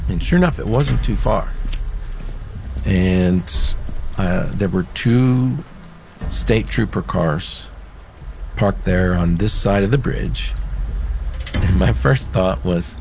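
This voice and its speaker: A man slowly recounting a personal story in an unhurried storytelling manner, with pauses. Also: on the low side, creaky, darkish tone, a little hiss or hum. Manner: slow, unhurried retelling with pauses.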